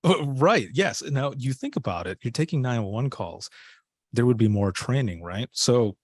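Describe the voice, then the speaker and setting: A man's voice: medium pitch, expressive, normal speed, dry recording, studio quality. A man telling a personal story in a casual interview, acting out the dialogue he quotes. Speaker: podcast guest, former dispatcher.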